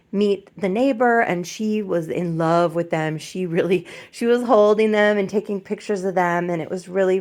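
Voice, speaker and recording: A middle-aged woman chatting casually in a home vlog, soft-spoken and gently emotional, rambling with many fillers. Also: lowish voice. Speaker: doll collector vlogger.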